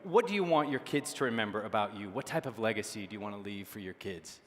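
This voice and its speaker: A man interviewing a guest on a conference stage, encouraging and quick to laugh. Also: fairly low pitch, lively intonation, in a large hall.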